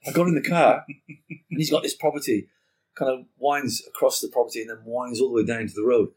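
A man guest on a podcast, telling a story in casual conversation, animated and swearing freely while acting out what people said. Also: medium pitch, brisk, slightly rough.

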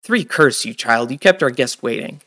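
A man's voice: mid-range voice, moderate pace, fairly bright tone, lightly acted. A man plays an impatient, snobbish male temple official. He sounds haughty and short-tempered in this storybook. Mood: irritated.

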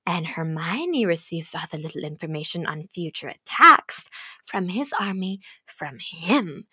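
A young woman gushing about a book to her viewers, swearing freely and swinging between gasps, whispers and shouts. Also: fairly low pitch, very animated, a little slow, breathy edge, no room sound, clean studio sound. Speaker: fanfiction vlogger. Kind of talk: emotional casual rant about a book.

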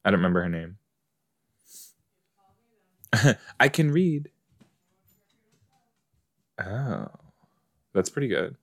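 Podcast guy watching an episode, lowish voice, slow and chatty, talks back at the screen. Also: very animated, gravelly. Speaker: podcast host. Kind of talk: casual watch-along commentary.

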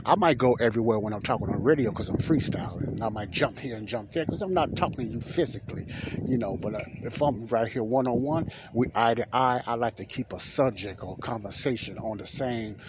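Over a noisy background, a middle-aged man hosts a podcast and tells a personal story at a brisk clip. It's a casual, rambling monologue full of repeated phrases, and he acts out quoted dialogue by raising his pitch.

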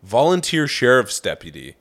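A man's voice: medium pitch, very animated, moderate pace, fairly bright tone. A man co-hosting a podcast, reacting with profanity and disbelief in casual true-crime talk. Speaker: podcast co-host.

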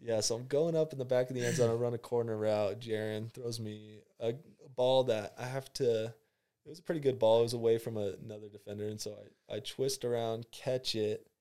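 A young college football player tells a story in casual chat, laid-back and slangy, acting out his own reactions. His voice is medium-pitched, warm, and clean, with fairly even intonation and a slightly fast pace.

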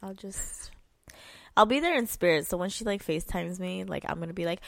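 A woman's voice: on the low side, fairly quick, creaky, no room sound. A young woman co-hosting a podcast with a stuffy nose, talking bluntly and swearing freely. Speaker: podcast co-host. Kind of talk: casual podcast chat.

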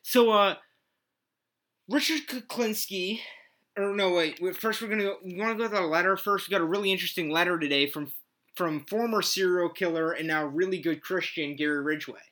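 A man hosting a comedy podcast with a bright, crisp tone at a middle pitch. He rambles loosely and fills gaps with "uh" and "um." He keeps things casual and offhand. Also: a little fast. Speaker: podcast host.

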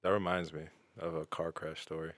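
A man's voice: deep voice, level tone, brisk, fairly bright tone. A young man, a podcast guest, telling a story in laid-back casual chat. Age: young adult.

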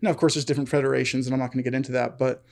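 A man's voice: medium pitch, little pitch movement, racing, gravelly, darkish tone. A young man telling a long story on a casual podcast chat, full of fillers, laughing often. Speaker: podcast co-host.

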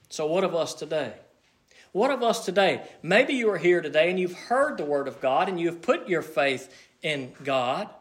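A man with a noticeably high voice delivers a church sermon. He talks earnestly and with emphasis, leaning into the scripture he reads and slowing for the key phrases. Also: big pitch swings. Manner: earnest, emphatic, with slowed quotations and restarts. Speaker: preacher.

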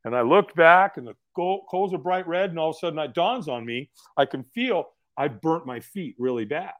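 On a podcast, a male guest spins a story casually and with energy, voicing other people's lines as he goes. His voice is on the high side and his pace is normal, and he laughs frequently and curses now and then.

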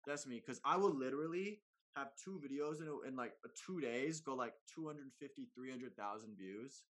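A man who makes comedy videos, talking in a casual, slangy, animated way on a podcast, with big swings in pitch and loudness. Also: moderate pace. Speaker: comedy content creator guest.

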